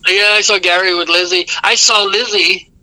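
High, bright-voiced man. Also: little pitch movement, moderate pace, no room sound, poor audio. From Ireland. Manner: rambling, self-correcting anecdotes with laughs. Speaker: guest musician. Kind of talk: casual storytelling interview.

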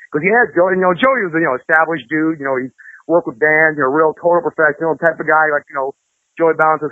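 A man's voice: fairly high pitch, fast, dry recording. A man, a guitarist, telling stories in a rambling, casual interview manner. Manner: rambling, lots of fillers and restarts. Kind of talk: casual storytelling chat. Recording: tinny phone line.

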